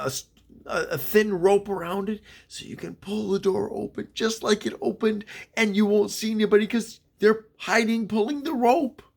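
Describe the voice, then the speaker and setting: A man voicing Bobby, a cocky know-it-all young boy, with a high, excited kid voice in a spoken horror story. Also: vocal fry, heavily acted.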